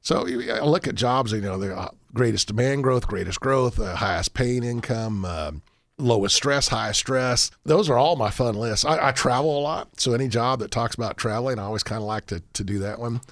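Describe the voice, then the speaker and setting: A man's voice: medium pitch, brisk, fairly bright tone, no echo. Folksy man, dry studio sound. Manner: rambling, folksy, restarts often. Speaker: guest. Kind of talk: radio talk show interview.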